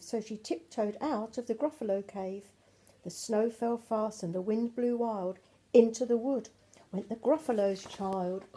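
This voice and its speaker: A woman's voice: medium pitch, warm tone, breathy edge. An older woman reading a picture book to her grandchildren at home, affectionate and asking them questions about the pictures. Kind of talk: bedtime storybook read-aloud.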